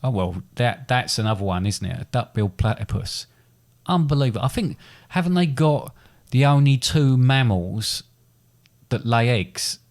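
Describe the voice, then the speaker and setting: A man's voice: medium pitch, lively intonation, moderate pace, a little mellow. A man co-hosting a casual podcast chat, rambling and self-deprecating as he talks. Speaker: podcast co-host.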